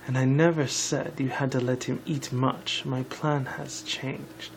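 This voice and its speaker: A man's voice: mid-range voice, flat delivery, measured pace, creaky, slight background noise, low-quality recording. A man voicing a weary proud changeling queen. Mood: calm.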